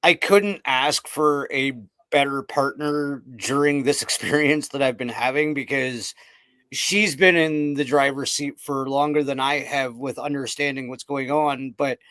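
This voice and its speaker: A man's voice: mid-range voice, steady tone, measured pace, sharp tone, no echo. A man, a podcast guest, telling his personal story in a candid, loose way with frequent "like".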